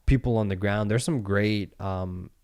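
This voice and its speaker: A man's voice: on the low side, measured pace. A man in his thirties hosting a podcast, telling a story casually and acting out the voices with some swearing. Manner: animated storyteller, acts out quotes, swears. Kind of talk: casual chat.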